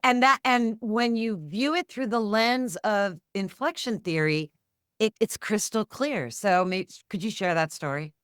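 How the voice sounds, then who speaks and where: A woman's voice: medium pitch, measured pace, a bit bright, clear, resonant tone, no echo, clean studio sound. A woman hosting an interview, asking thoughtful questions about a book. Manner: thoughtful, reads quotes aloud. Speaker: podcast host.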